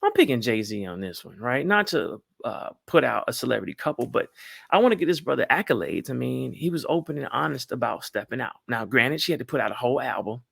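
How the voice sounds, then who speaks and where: Man, gravelly voice, dry close sound, animated folksy advice talk. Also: mid-range voice, brisk, no echo. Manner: animated, folksy, calls out to the crowd. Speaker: psychologist giving marriage advice. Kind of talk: lively talk to a live audience.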